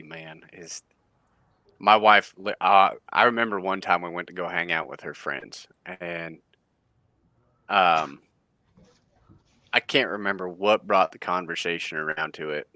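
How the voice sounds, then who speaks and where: A man's voice: sits low, sharp tone, no echo. A man who farms and hunts, talking as a guest in a plainspoken, casual way and restarting his sentences. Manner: plainspoken, repeats words as he starts. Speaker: farmer and hunter guest. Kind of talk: casual chat.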